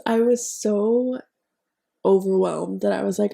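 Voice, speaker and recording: A woman's voice: medium pitch, measured pace, vocal fry, warm tone. A young woman co-hosting a podcast, chatting casually with lots of "like" fillers and casual swearing. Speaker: podcast co-host. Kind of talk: casual chat.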